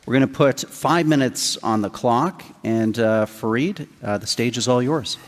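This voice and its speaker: A man moderating a debate, speaking in a brisk, businesslike way. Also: medium pitch. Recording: reverberant hall with faint audience.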